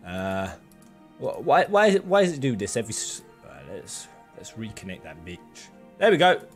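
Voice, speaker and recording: A man's voice: fairly low pitch, big pitch swings, moderate pace, faint music behind. A man hosting a live game stream, playfully joking and chatting with his viewers. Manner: playful, exuberant, joking with chat.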